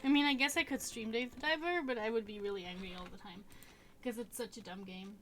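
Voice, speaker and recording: A woman's voice: a little high, quick pace, a bit bright, slight background noise. Chatty young woman streamer, rambling. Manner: rambling, chatty, self-correcting, laughs often. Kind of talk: casual gaming stream chat. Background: game music and keyboard typing.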